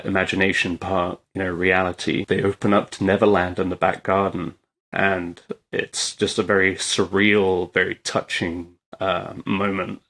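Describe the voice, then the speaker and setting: A man hosting a podcast alone, chatting casually and candidly about movies and swearing freely. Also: fairly low pitch. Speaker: podcast host. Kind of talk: solo podcast movie talk.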